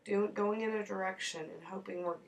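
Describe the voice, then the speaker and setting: A woman's voice: mid-range voice, steady tone, fairly quick, vocal fry, far from the mic, low-quality recording. A woman in her thirties sharing heartfelt faith reflections in a personal vlog, rambling earnestly with restarts.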